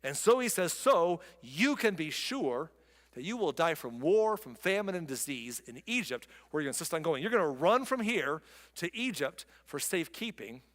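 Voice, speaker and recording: A man preaching a sermon as pastor, reading scripture slowly and breaking into quick joking asides. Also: fairly high pitch, big-room sound. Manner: lively, reads scripture slowly then jokes in quick asides. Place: church.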